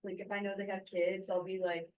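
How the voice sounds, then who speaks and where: Soft-spoken woman, far from the mic. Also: medium pitch, little pitch movement, brisk, phone-quality sound. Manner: soft, joking, hesitant. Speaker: sales rep.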